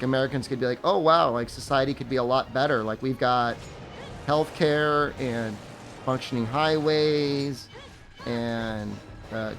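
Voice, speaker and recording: A young man with a medium-pitched voice chats casually with viewers while streaming a game, rambling sarcastically and laughing at his own jokes. There's slight background noise.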